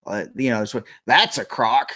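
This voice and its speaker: A man's voice: medium pitch, lively intonation, normal speed, pushed and bright. A middle-aged man hosting a casual morning show, rambling and joking, often laughing. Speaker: host.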